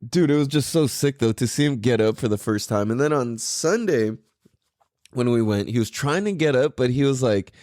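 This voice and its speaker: A young man hosts a podcast as a casual monologue packed with surfer slang, swearing, and lots of "like" and "dude." His mid-range voice is a little mellow with lively intonation at normal speed, recorded in studio quality with no echo.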